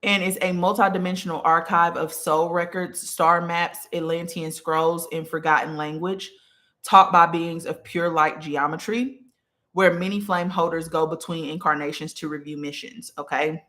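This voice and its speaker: Teaching informally from notes on a live stream, a spiritual teacher keeps checking in with "okay?" and pauses mid-lesson to greet viewers. The delivery is flat, at normal speed, with a medium pitch and sharp tone. Incense and a lit candle burn in the small room.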